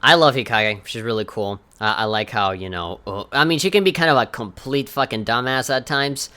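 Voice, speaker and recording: A man's voice: medium pitch, fairly quick, sharp tone. A man co-hosting a casual gaming podcast, telling stories animatedly with laughs and casual swearing. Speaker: podcast co-host.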